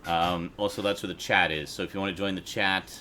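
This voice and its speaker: Bright-toned, rambling male stream host. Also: low-pitched, flat delivery, a little fast, slight background noise. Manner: rambling, laughs often, swears casually. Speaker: livestream host. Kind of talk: casual livestream chat. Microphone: desk USB microphone.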